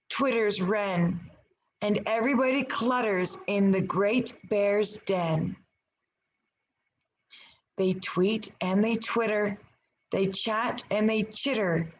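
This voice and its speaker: A woman teacher reading a picture book aloud to her class, with expressive storybook delivery. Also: mid-range voice, slow, slight background noise, low-quality recording.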